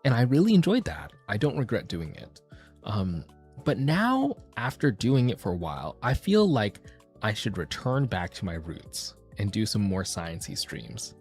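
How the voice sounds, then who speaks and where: Low-voiced guy rambling on his stream, super animated pitch, kinda self-deprecating, soft music in the back. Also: normal speed. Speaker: VTuber streamer. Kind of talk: casual chat stream.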